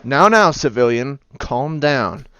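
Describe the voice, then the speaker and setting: A man's voice: mid-range voice, animated, slow pace, pushed and bright, smooth, no echo, muffled recording. A man voicing a stern, threatening swordsman guard in a tabletop game. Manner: firm, threatening.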